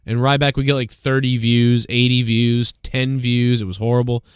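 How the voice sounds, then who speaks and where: A man hosting a live stream, ranting and swearing his way through one topic after another. His voice is smooth and clear, sitting at a middle pitch. The sound is dry and close, with no room around it. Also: little pitch movement, normal speed, no room sound. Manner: profane, ranting, rambling. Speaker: live show host. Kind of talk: casual live-stream rant.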